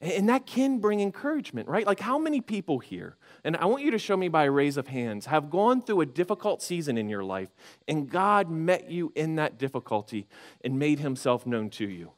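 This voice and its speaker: A man preaching a sermon as pastor, conversational and animated, acting out inner voices with frequent restarts. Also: fairly high pitch, a little fast. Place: church sanctuary.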